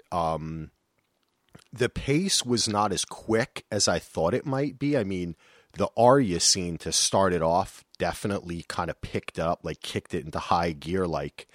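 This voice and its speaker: Excited podcast host man, low voice. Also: no room sound, clean studio sound. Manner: enthusiastic, many restarts. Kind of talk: excited casual chat.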